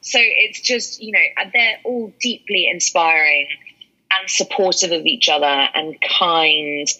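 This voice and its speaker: A woman's voice: fairly low pitch, sharp tone, breathy edge. A woman from London, an actress and mentor, talking candidly and with emphasis in an interview, laughing often. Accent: London English. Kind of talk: casual interview talk. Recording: dull lo-fi audio.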